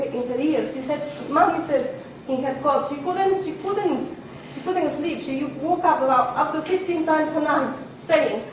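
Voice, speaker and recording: High-voiced emotional woman in an echoey hall. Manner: halting, repeats words, pleading. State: emotional, close to tears. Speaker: audience member at a public meeting. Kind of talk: emotional question from the floor. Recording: echoey hall, distant mic, background noise.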